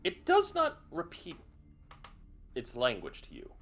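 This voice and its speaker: A man narrating a tabletop game as game master, vivid and expressive, with some swearing. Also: on the high side, unhurried, creaky.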